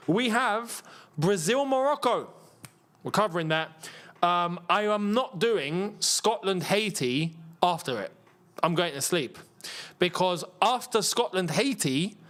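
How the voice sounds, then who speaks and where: A man hosting a live football watchalong, chatty and rambling, with excitable bursts at the match action. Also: high-pitched. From England. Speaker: football channel host.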